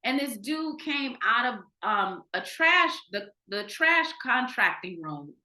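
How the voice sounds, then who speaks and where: A woman from Ohio, a podcast guest, telling a candid personal story in an animated way, restarting sentences and acting out what people said. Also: a little high, takes it slowly. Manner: animated, acts out quoted dialogue, frequent restarts. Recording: roomy echo.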